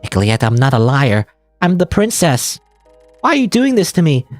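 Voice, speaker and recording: Man doing high nasal princess girl, possessive, clingy, big swings in pitch; dry sound. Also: huge pitch swings, moderate pace, dry recording, soft background music. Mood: demanding.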